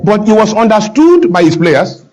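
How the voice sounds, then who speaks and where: A man from Nigeria, a talk show guest in front of a studio audience, arguing with rising passion and sometimes nearly shouting. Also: high-pitched, big pitch swings, normal speed, poor audio. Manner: builds to emphatic near-shouting, acts out broken English. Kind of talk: impassioned talk show argument.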